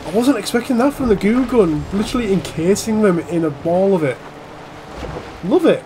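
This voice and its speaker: Excitable high-voiced gamer. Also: male voice, normal speed, noisy background. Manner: excitable, jokey, swings between mutters and yells. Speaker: gaming channel host. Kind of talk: casual gameplay commentary.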